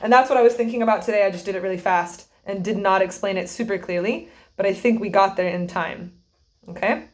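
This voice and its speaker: A woman's voice: medium pitch, brisk. A young woman teaching a string student about rhythm and bowing, patiently explaining and often checking in with "okay?".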